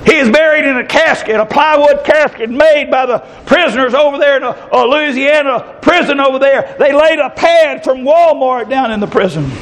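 A man preaching a fervent revival sermon, stretching key words and breaking into shouts. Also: very high-pitched, low-quality recording. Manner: fervent, drawn-out emphatic delivery with sudden shouts.

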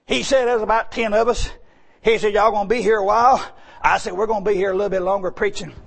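A male preacher telling a story in a folksy sermon, swinging between hushed tones and shouts. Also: high-pitched, steady tone, fast talker, gravelly.

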